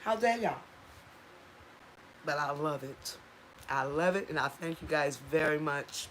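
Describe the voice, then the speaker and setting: A woman's voice: low voice, flat delivery, moderate pace, fairly bright tone, a little hiss or hum. A woman hosting a casual livestream, chatting with viewers and reading out their comments, tripping over unfamiliar place names. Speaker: channel host.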